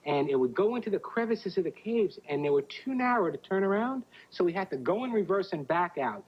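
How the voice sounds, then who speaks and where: A man introduces animals to children on a TV show, talking in a friendly, easygoing way. His voice is a little husky. The sound is muffled, like a late-1980s broadcast. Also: high voice. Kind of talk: presenting to kids.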